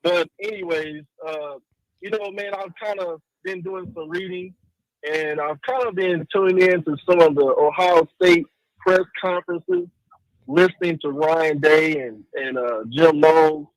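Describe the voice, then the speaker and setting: A man's voice: fairly high pitch, a little slow, no echo. A man calling in to a sports radio show, talking casually and rambling, often saying "man.". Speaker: caller. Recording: dry phone line.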